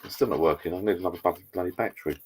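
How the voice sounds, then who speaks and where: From his garden bar, a live stream host with a low-pitched, husky voice talks rapid-fire into a laptop mic. The chat is casual, and he rambles while greeting viewers by name.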